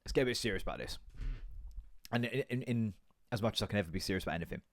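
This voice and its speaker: A man's voice: fairly low pitch, racing. A man, hosting a podcast in casual, jokey chat full of swearing and rambling asides. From United Kingdom. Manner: comedic, stand-up performer. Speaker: podcast host.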